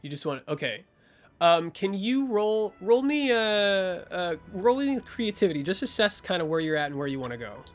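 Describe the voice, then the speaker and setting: A man's voice: sits high, very animated, normal speed, faint music behind. A man narrating as game master of a tabletop game, improvising with lots of fillers and restarts.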